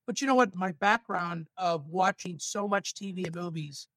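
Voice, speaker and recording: A male stand-up comedian from Los Angeles, telling stories with animated asides in a casual podcast chat. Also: high voice, normal speed, dry recording. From San Fernando Valley, Los Angeles.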